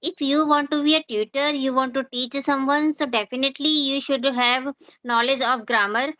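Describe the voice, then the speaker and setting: A woman English teacher explaining speaking practice in an unhurried way, pausing often with hesitant fillers. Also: high-pitched, steady tone, dry recording, dull audio. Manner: explanatory, with frequent hesitant pauses. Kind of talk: conversational English lesson.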